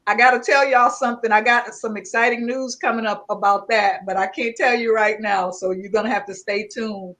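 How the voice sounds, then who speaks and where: A woman's voice: on the high side, steady tone, fairly quick, few pauses, a bit bright. A woman hosting a livestream talk show, effusive and emotional as she thanks her guest and greets viewers by name. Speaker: host.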